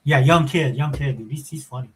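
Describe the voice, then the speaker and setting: A man's voice: medium pitch, a little fast, a crowd in the background, rough recording. A middle-aged man co-hosting a podcast, talking casually and animatedly, rambling through stories with lots of fillers. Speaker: podcast co-host. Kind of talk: casual chat.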